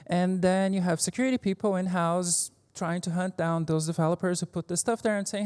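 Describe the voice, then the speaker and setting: A woman's voice: on the low side, steady tone, brisk, few pauses, darkish tone, clear, resonant tone. A woman giving a casual technical conference talk, joking, swearing lightly and leaning on fillers. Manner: informal and joking, with frequent fillers and mild swearing. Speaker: conference speaker. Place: conference stage. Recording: reverberant conference hall.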